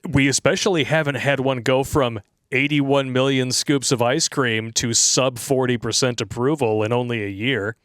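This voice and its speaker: A man's voice: medium pitch, fairly even intonation, normal speed, few pauses, fairly bright tone, no echo, studio quality. A man hosting a casual political commentary show, brash, sarcastic and profane. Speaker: show host.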